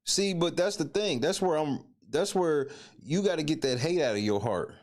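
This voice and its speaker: Blunt, animated male stream co-host. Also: on the high side, normal speed. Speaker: livestream co-host. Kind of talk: casual commentary on viral videos.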